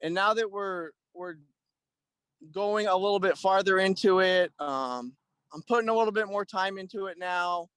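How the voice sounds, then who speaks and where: A man's voice: high voice, normal speed, clean tone, no echo. A man in his thirties, a guest and Army veteran, talking casually in an interview with frequent fillers and restarts. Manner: relaxed, rambling, many "um"s and restarts. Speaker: guest, Army veteran and clothing-line owner.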